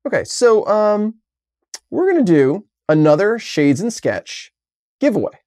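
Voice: mid-range voice, sing-song, measured pace, warm tone. A podcast co-host in casual chat, playful and joking, reading out quiz questions for a giveaway.

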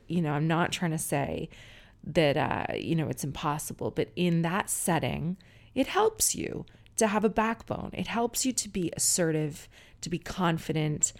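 Her voice sits fairly low and has a darkish tone. She's a middle-aged podcaster doing a relaxed monologue, recounting stories openly and chattily with casual profanity.

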